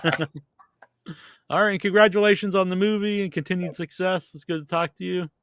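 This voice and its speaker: A man's voice: sits high, steady tone, brisk, fairly bright tone, clean tone, no echo, studio quality. A man hosting a podcast in casual chat, chatty and thinking aloud as he searches online. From Massachusetts. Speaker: podcast host.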